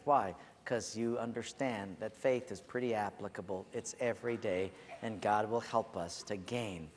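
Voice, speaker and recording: A man's voice: lowish voice, darkish tone, slight background noise. A male pastor giving an earnest, conversational sermon in a large church hall.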